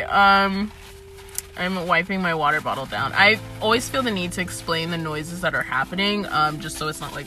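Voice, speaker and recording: A young woman from Atlanta talks casually from inside her parked car, with a bright, forward voice. She swears freely and breaks into laughter often. Faint music plays underneath. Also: on the low side, normal speed. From Atlanta, United States. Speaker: podcast host. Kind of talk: casual chat. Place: parked car in a parking garage.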